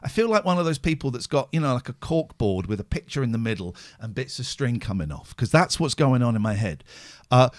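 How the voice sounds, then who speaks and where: A man's voice: a little high, a bit bright, dry recording, studio quality. A middle-aged man hosting a podcast, talking openly and emotionally, worn out and swearing heavily. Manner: raw, emotional, heavy swearing. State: exhausted and drained. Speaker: podcast host. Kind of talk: candid podcast chat.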